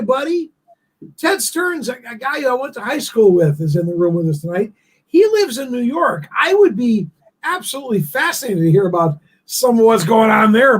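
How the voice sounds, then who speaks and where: Man, high pitch, husky, live-stream host, rambling, halting restarts, emotional. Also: rough recording. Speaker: host of a live online talk show. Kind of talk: casual live-stream chat.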